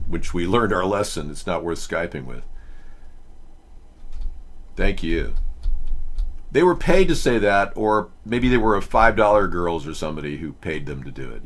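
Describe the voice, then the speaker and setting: A male host with a low voice that swings widely in pitch. He rambles through a casual live-show chat and keeps restarting his sentences with "uh.". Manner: rambling, full of fillers and restarts.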